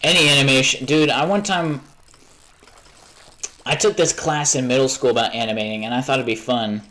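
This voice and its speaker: A man's voice: mid-range voice, brisk, bright, forceful tone. A tired young man rambling and swearing casually while he plays a game on a livestream. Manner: rambling, chatty, swears often, trails off. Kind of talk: casual gaming stream chat.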